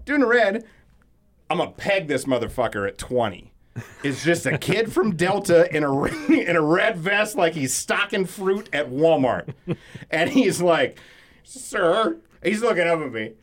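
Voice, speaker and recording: A man co-hosting a podcast, telling a long story in casual chat, profane and animated, dropping from loud bursts to low mumbles. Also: unhurried. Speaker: podcast co-host.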